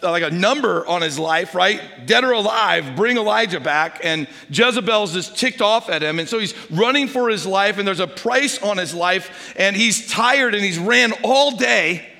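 An older man, a grandfather, preaching a sermon and telling stories, dropping to a hush when he quotes a whisper. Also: high-pitched, lively intonation, moderate pace, vocal fry, few pauses. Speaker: pastor. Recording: long hall reverb.

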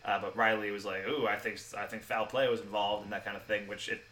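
A man co-hosting a podcast, chatting casually about a film, quick and animated, laughing often. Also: fairly low pitch, recorded from a distance, slight background noise. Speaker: podcast co-host.

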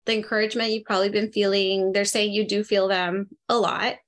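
A woman working as a medium who gives a spirit reading to a participant during a live group session, talking in a chatty, animated way and often laughing. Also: mid-range voice, fairly quick. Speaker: medium, interview guest.

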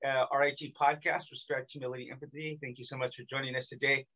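A man's voice: medium pitch, flat delivery, quick pace, bright, forceful tone. Rambling male podcast host, lo-fi sound. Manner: rambling, heavy use of "like". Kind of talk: casual chat over a call. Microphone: remote call.

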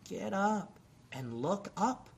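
A man's voice: sits high, lively intonation, takes it slowly, gravelly, slight background noise. A man preaching a sermon and leading an altar call, exhorting his listeners with repeated calls. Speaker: pastor.

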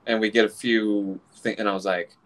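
A man in his forties telling a casual story, animated, swearing freely and acting out other people's voices. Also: fairly low pitch, moderate pace.

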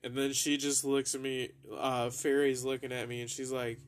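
A man's voice: medium pitch, flat delivery, normal speed, slight background noise. Young man telling a rambling, profane story. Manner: rambling, profane, laughs through his own story. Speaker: podcast host. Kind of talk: casual storytelling.

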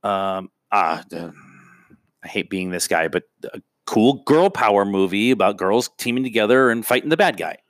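A man with a fairly low voice, chatting casually as a podcast co-host. He rambles and fills gaps with "uh" and "um". The sound is dry and close, with no room echo. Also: lively intonation, normal speed. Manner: rambling, full of filler sounds and restarts. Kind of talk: casual chat.

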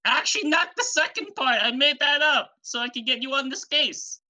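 A man voicing an excitable, loud male fisherman in a high, drawn-out comedic voice. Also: full character voice. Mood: frantic. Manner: high-pitched, slow and drawn-out. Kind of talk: comedy podcast skit.

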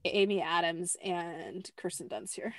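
A woman's voice: on the low side, a little slow, very noisy. A young adult woman hosting a podcast, talking casually and acting out quotes with lots of fillers. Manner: chatty, fills with "like", acts out quotes. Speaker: podcast host. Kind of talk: casual chat.

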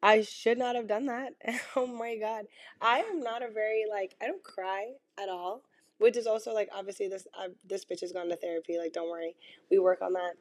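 A young woman hosting a solo podcast from bed, rambling casually with lots of fillers and swearing, her voice hoarse from being sick. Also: medium pitch, steady tone, normal speed. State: hoarse, lost voice from illness. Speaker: podcast host. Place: in bed at home.

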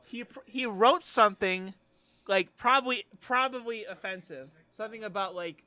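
Pitched high and delivered at an ordinary pace, his sharp-toned voice belongs to a young podcast co-host. He meanders through crude, self-mocking anecdotes, chuckling as he tells them.

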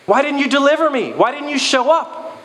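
A man voicing a stranded man who keeps insisting he has faith, in a high, excited, insistent voice. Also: brisk, big-room sound. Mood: insistent pleading.

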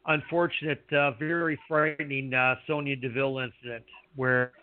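A man hosting a wrestling podcast, chatting casually in a halting, rambling way with many fillers. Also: medium pitch, flat delivery, no room sound. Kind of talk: casual chat. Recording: dry tinny phone-like sound.

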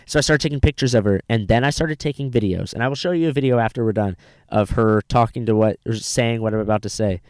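A man's voice: mid-range voice, fast talker, darkish tone, dry recording, clean studio sound. Profane young man telling a story. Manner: profane storytelling, mimics people in a raised voice. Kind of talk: casual podcast chat.

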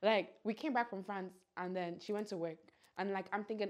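A young woman, co-hosting a podcast and telling a story in casual, animated chat. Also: a little fast. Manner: animated, jumps into shrill acted-out voices. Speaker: podcast co-host.

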